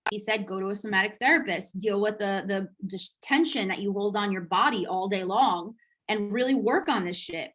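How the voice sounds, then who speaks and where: A woman hosting a podcast, telling a personal story in a candid, lively way, swearing casually and laughing as she retells it. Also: mid-range voice, moderate pace, low-quality recording. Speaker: podcast host.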